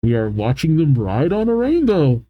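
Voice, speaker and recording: A man's voice: fairly high pitch, huge pitch swings, normal speed, dry recording, lo-fi sound. A man reading a manga aloud and reacting to it, switching between narration and amazed asides.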